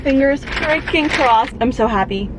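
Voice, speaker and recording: A young woman vlogging casually to camera, chatty and animated, laughing easily as she talks. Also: sits high, measured pace, noisy background. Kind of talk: casual vlog chat to camera.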